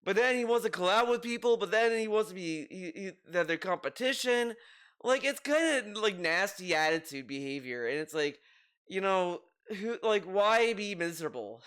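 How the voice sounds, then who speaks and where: A man with a high-pitched, smooth and resonant voice talks through his commentary in a loose, rambling way. His tone stays mocking and sarcastic as he picks apart what he has watched. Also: animated, normal speed, a bit bright. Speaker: commentary youtuber. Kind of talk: video commentary.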